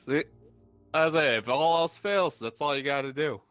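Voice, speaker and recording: A man with a slightly raised pitch plays at a tabletop game. He jokes with the others and laughs often between his lines. Faint music runs in the background. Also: moderate pace, fairly bright tone, clear, resonant tone. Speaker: player. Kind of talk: casual tabletop play.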